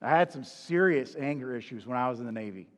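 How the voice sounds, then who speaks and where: A man's voice: medium pitch, animated, fast, long reverb tail. A man preaching in a conversational, confessional way, asking the listener rhetorical questions. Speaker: pastor. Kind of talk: sermon.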